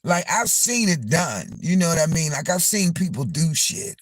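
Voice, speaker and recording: A man hosting a live stream, telling a story in a loose, animated way, repeating himself, swearing, and calling his viewers y'all. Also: on the high side, normal speed. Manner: animated, repetitive and profane, addressing viewers as y'all. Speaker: livestream host.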